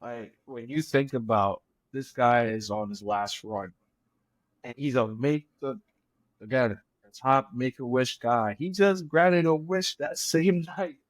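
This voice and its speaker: A man joining a podcast as a guest, talking in a measured, enthusiastic way with many fillers. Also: medium pitch, no echo. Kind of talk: casual chat.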